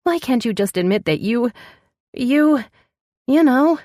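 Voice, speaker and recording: A woman narrator voicing a pregnant young woman who sounds shrill, jealous and accusing. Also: animated, unhurried, warm tone, no echo, studio quality. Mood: upset.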